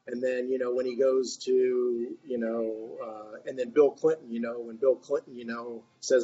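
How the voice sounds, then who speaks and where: Rambling man with a flat voice. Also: mid-range voice, moderate pace, hardly any pauses, breathy edge. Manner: rambling, many fillers and restarts. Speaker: discussion participant. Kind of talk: casual discussion remarks. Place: online reading group. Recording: muffled, faint background noise.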